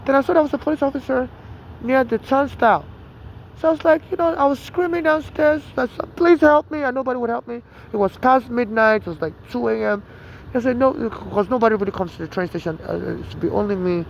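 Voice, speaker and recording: Agitated high-voiced Nigerian man, gravelly. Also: a little fast. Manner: agitated, rambling with many restarts and "you know". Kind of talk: casual storytelling monologue. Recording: dull lo-fi outdoor recording with traffic.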